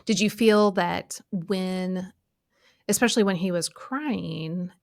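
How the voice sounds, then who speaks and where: A woman's voice: lowish voice, slow, creaky, dry recording, studio quality. A woman hosting a podcast, asking guests questions in an encouraging way. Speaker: podcast host. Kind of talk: interviewing guests.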